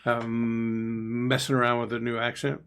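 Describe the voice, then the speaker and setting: Gravelly-voiced man chatting casually. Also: medium pitch, level tone, unhurried, a loud crowd. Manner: chatty, musing, trails off into asides. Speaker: podcast co-host, player. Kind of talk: casual discussion.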